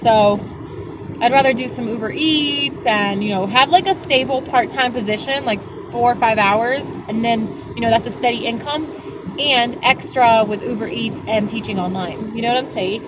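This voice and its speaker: A young woman chatting casually to her vlog audience, telling stories in an animated, exasperated way. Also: a little high, normal speed, background noise. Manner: animated storytelling, exasperated retelling. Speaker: vlogger.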